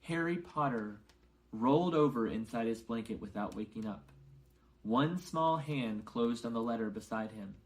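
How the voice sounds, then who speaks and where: A man's voice: medium pitch, moderate pace, poor audio. Man reading a novel aloud for learners. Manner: clear, careful reading with brief explanations. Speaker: English teacher.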